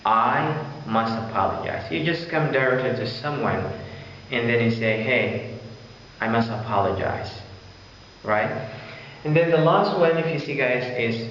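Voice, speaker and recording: Slow-talking man teaching in an echoey room. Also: medium pitch, expressive, fairly bright tone, a little hiss or hum. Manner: repeats example phrases, addresses listeners as guys. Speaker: English teacher. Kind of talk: casual language lesson. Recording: echoey distant room, dull sound.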